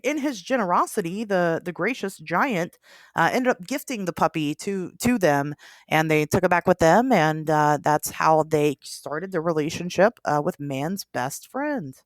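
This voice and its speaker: Woman, podcast host, casual folktale storytelling, chatty, laughs easily, low voice, dry close sound. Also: lively intonation, a little slow, dry recording.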